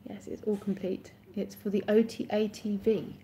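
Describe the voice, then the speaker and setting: A woman's voice: mid-range voice, flat delivery, moderate pace, mellow, a little hiss or hum. A woman in her thirties, chatting casually on a live stream and answering viewers' comments as they come in.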